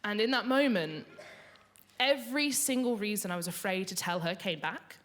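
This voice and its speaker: A woman's voice: mid-range voice, animated, normal speed, a bit bright. A young woman telling a comic, confessional story onstage at a live storytelling event. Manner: comic, confessional, builds to punchlines.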